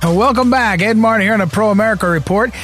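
High-voiced fast-talking male radio host. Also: fairly bright tone, soft background music. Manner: rapid, rambling delivery full of fillers and repeated starts. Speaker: radio talk show host. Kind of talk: casual talk radio chat.

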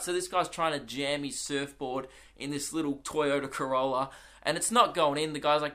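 A young Australian man hosts his podcast and tells loose, rambling stories peppered with swearing. His voice is slightly high and bright, with a forceful edge. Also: brisk. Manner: rambling, swearing, anecdotal storytelling. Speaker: comedian and podcast host. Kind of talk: casual solo podcast chat.

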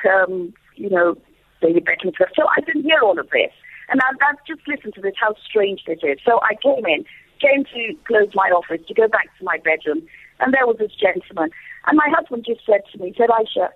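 Lively female guest, husky voice, phone-line sound, animated storytelling. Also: medium pitch, no echo. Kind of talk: casual storytelling on a call. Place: at home in Sierra Leone.

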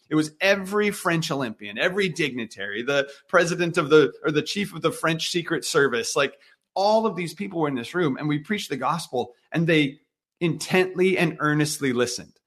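A man in his thirties tells a story as a podcast guest, his voice sitting a little higher than most men's. He slips into quoted dialogue and plays out each exchange with energy. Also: a bit bright. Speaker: guest, missionary musician. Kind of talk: casual storytelling interview.

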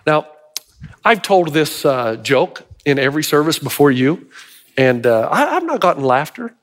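A man's voice: fairly high pitch, very animated, normal speed. A male pastor preaching a sermon, telling a joke with acted voices and asking the congregation rhetorical questions.

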